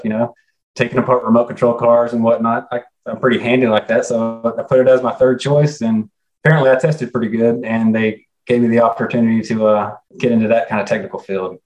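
A middle-aged man, an interview guest, talking casually and eagerly with lots of "you know". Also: mid-range voice. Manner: enthusiastic, folksy, says "you know" often. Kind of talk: casual conversation. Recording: echoey room.

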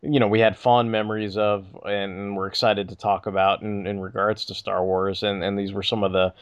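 A man with a lowish voice hosts a podcast in a casual tone. He stumbles through his sentences with many restarts and fillers. His delivery is relaxed and conversational. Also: moderate pace, smooth. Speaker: podcast host. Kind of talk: casual chat.

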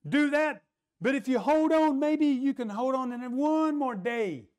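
A preacher voicing fear itself, coaxing and high. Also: male voice, a little slow, darkish tone, clean tone. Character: fear personified, a coaxing whispering doubter.

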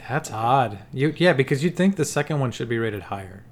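A man's voice: medium pitch, lively intonation, fairly quick. Guy on a podcast, mid voice, laughs a lot, swears, says like constantly, very opinionated. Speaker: podcast co-host. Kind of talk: casual chat.

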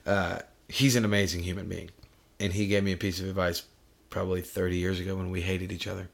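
A man's voice: deep voice, little pitch movement, fast talker, creaky. A middle-aged man hosting a podcast, talking bluntly and profanely in casual chat. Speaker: podcast host.

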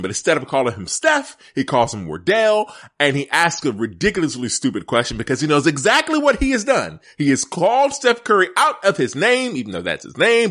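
A man's voice: fairly high pitch, fairly bright tone. A middle-aged man hosting a casual sports podcast, emphatic and laughing often as he talks straight to his listeners. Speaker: podcast host.

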